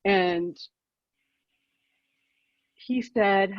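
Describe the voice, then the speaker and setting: A woman's voice: on the low side, steady tone, takes it slowly, pauses often, no echo, muffled recording. A woman in her fifties, a keynote speaker, telling a personal story over a video call in a candid, self-deprecating way.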